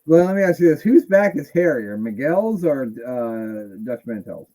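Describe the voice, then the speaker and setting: A man's voice: medium pitch, very animated, unhurried, mellow, low-quality recording. A man hosting a casual wrestling podcast who jokes and laughs often. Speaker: podcast host.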